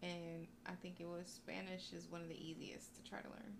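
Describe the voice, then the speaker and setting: A woman's voice: lowish voice, little pitch movement, normal speed, vocal fry. A woman from the United States talking casually in a laid-back, loose way. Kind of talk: casual chat. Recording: noisy room recording.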